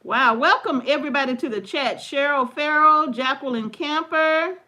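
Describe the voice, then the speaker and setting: Brief: high-pitched woman, livestream co-host, chatty and laughing, reads viewers' names aloud. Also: moderate pace. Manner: warm, laughing, greets viewers by name. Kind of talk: casual live chat reading viewer comments.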